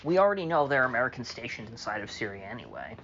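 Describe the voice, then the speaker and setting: A man's voice: medium pitch, huge pitch swings, racing, creaky, fairly bright tone, dull audio, a little hiss or hum. A man delivering a solo opinion monologue as a political commentator, sarcastic and mocking, with many fillers.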